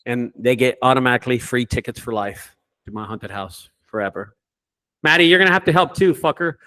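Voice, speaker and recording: A man who owns a junk removal business, telling stories in a casual group call with lots of swearing and animated delivery. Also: medium pitch, brisk. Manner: profane, animated storyteller.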